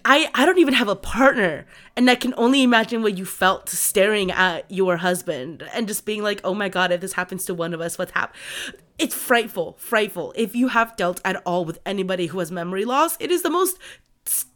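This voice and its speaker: A young woman co-hosts a book podcast in a loose, conversational way. She talks with open feeling and drops frequent "um"s and "like"s as she retells a story. Her voice sits at an ordinary middle pitch. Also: animated, normal speed, fairly bright tone. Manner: emotional, lots of fillers like "um" and "like". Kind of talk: casual book discussion.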